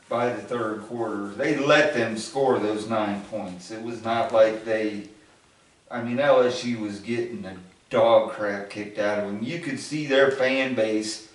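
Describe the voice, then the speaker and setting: A man from Ohio telling a rambling anecdote in a casual chat, acting out what other people said. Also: mid-range voice. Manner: rambling anecdotes with acted-out quotes. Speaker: show regular answering questions. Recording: very echoey, from far off the mic.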